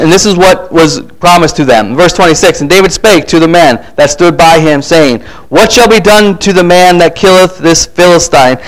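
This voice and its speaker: A man preaching a sermon who reads scripture aloud and acts out the figures in lively asides, often repeating words and restarting. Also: fairly high pitch, rough recording.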